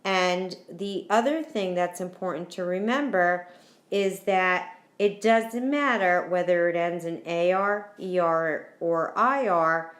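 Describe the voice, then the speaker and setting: A woman's voice: lowish voice, slow, reverberant. A woman teacher explaining verb endings in a recorded lesson, patient and repetitive, spelling out endings letter by letter. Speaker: Spanish teacher.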